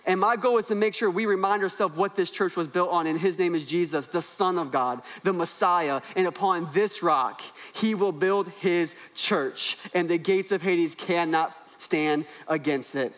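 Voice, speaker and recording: Young man, pastor, high voice, lively sermon, jokes, builds emphasis. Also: moderate pace, few pauses. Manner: animated, humorous preaching with rising emphasis. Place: church stage.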